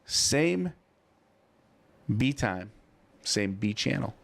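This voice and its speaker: A man's voice: mid-range voice, sing-song, drawn-out words, creaky, no echo. A man co-hosting a podcast in a small studio, chatting casually and spinning a rambling story full of "you know" and "I'm like". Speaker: podcast co-host. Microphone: studio mic.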